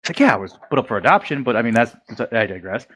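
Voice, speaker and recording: Male podcast guest, American, mid-pitched voice, loose, profane storyteller acting out what friends said. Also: big pitch swings, fast, fairly bright tone, husky. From United States. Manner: rambling, profane, retells dialogue with quoted voices. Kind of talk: casual storytelling.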